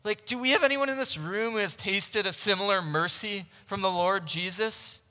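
A man preaching a sermon to a room of listeners, earnest and conversational, with frequent restarts and swings between loud emphasis and hushed moments. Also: high-pitched, normal speed. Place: large room with a live audience. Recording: long reverb from a large hall.

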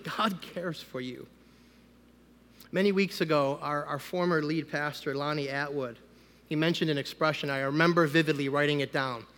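A man, a pastor, giving a conversational sermon that rises into loud, emphatic preaching. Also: fairly high pitch, steady tone, fairly quick. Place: church sanctuary. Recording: long hall reverb.

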